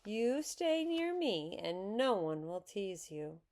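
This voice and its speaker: A woman voicing a calm, kindly kindergarten teacher who speaks gently and soothingly, read aloud from a storybook. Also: mid-range voice, slow.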